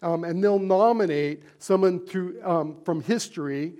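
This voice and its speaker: A pastor with a notably high voice preaches an earnest, conversational sermon, pausing on fillers and putting rhetorical questions to the congregation. The sound is mellow, with the highs cut off.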